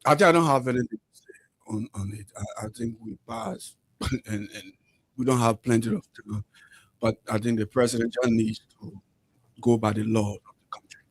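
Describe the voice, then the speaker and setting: A man speaking as a panelist on a talk show, low-key and trailing off. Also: animated, moderate pace, vocal fry, husky, no echo, low-quality recording. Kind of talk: panel discussion.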